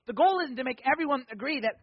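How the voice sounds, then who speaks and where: This preacher has a high-pitched, husky voice with lively intonation and a quick pace. His sermon is emphatic, full of repeated key words and rhetorical questions, on a slightly dull, dry recording with no echo.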